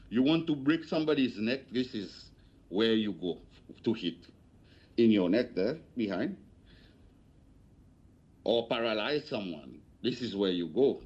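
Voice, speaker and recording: A man gives testimony to an inquiry, talking very slowly and haltingly, often repeating words and restarting. His voice sits at an ordinary pitch for a man, and it comes through a dull, lo-fi broadcast feed. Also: darkish tone. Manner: halting, repetitive, hesitant. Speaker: witness at an inquiry. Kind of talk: spoken testimony.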